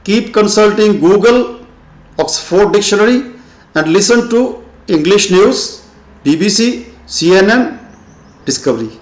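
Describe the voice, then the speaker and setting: Slow, high-voiced older man teaching English. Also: animated. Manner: slow and deliberate, with frequent "uh" pauses. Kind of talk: pronunciation lesson. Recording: echoey room.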